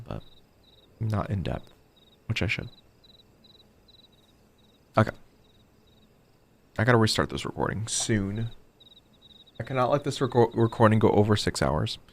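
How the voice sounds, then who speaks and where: A man's voice: fairly low pitch, vocal fry. A man streaming a video game, rambling and chatty, often mocking himself. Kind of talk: casual gameplay commentary.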